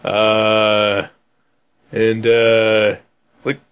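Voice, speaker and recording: A man in casual conversation reviewing a film, laid-back and halting, with frequent restarts and laughter. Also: fairly low pitch, monotone, a bit bright, clear, resonant tone. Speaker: podcast co-host. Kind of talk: casual movie review chat.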